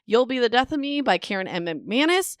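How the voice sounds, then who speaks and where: A woman's voice: a little high, big pitch swings, a little fast, dry recording, clean studio sound. A woman hosting a casual book podcast. She sounds bubbly and self-mocking, and often stumbles over words while reading aloud. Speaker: podcast host.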